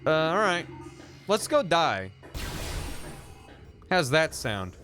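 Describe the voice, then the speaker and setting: Here the voice is fairly high, with big pitch swings and a slow, pushed, bright delivery. The man is casually commentating his gameplay on a live stream over game music, being silly, swearing, and groaning at his viewers.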